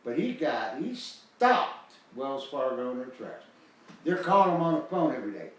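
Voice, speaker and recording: A man's voice: medium pitch, sing-song, moderate pace, very echoey, distant mic, rough recording. An older American man, retired, giving a rambling, emphatic, folksy talk promoting his foreclosure guide. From United States. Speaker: host selling a foreclosure guide.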